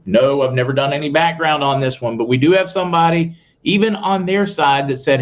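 Sarcastic male live-stream host. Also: on the high side. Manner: reads aloud quickly, sarcastic asides, chats to viewers. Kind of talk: casual live-stream commentary. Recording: muffled audio with faint noise.

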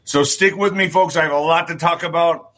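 Male host, rambling monologue, bright ringing tone, slightly high voice, repeats himself. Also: steady tone, a little fast. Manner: rambling, repeats phrases, swears. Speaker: show host. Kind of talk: casual commentary monologue.

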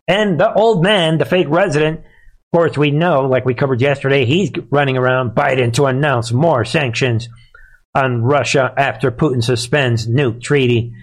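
A man hosting a live commentary show, talking in a sarcastic, emphatic way and often addressing listeners as "folks.". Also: mid-range voice.

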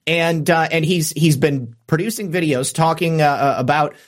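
A man co-hosting a talk show, chatting casually about politics, with frequent fillers and restarts. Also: a little high. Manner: halting, many restarts and fillers.

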